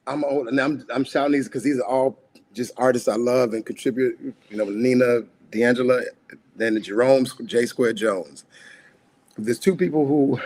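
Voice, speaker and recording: A man's voice: medium pitch, darkish tone. A grieving man speaking as a guest on a talk show, raw and emotional, swinging between laughter and anger. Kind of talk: livestream talk show conversation.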